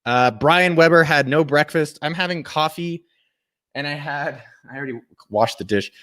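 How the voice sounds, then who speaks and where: A man's voice: a little high, normal speed, a bit bright, no echo, studio quality. A man hosting live office hours from a friend's home, chatting casually, joking, swearing freely and greeting viewers by name. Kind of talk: casual livestream chat.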